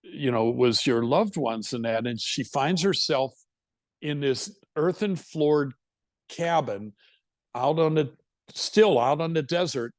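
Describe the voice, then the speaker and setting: A man's voice: mid-range voice, slow, dry recording. A man, a hypnotherapist, telling a session story at a talk, rambling and quoting himself and his client. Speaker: hypnotherapist speaker. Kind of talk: recounting a case at a talk.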